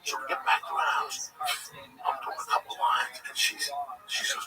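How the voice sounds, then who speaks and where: A man, a comedian, telling a rambling, profane story in casual chat. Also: brisk. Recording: distant mic with background noise.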